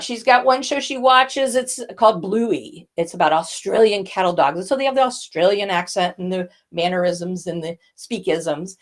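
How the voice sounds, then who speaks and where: An older woman, a voice coach, teaching a lesson and demonstrating vocal effects as she explains. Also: a little high.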